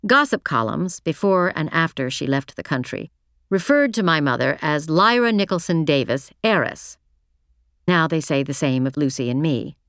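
Low-voiced woman narrating a novel. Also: sing-song, moderate pace, a bit bright, clear, resonant tone, no echo, clean studio sound. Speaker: audiobook narrator. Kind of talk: first-person novel narration.

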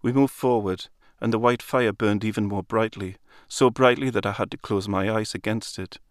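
A man reading a literary story aloud in a calm, measured storytelling manner. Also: fairly low pitch, dry recording, studio quality. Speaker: narrator. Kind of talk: literary audiobook narration.

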